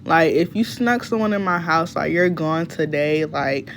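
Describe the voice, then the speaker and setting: A woman quoting her stern, suspicious mother in a lower, clipped, dismissive scolding tone. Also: a little slow, a little hiss or hum.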